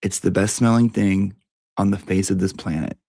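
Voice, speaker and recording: A man's voice: low-pitched, fairly even intonation, normal speed, gravelly, a little mellow, dry recording. A man giving a brash, profane, theatrical comic review of beauty products.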